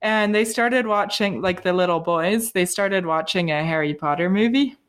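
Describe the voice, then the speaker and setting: A woman's voice: fairly low pitch, clean tone. A woman co-hosting a podcast, chatting casually and telling stories with frequent giggles. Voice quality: quick, giggly storytelling. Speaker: podcast co-host. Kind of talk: casual chat.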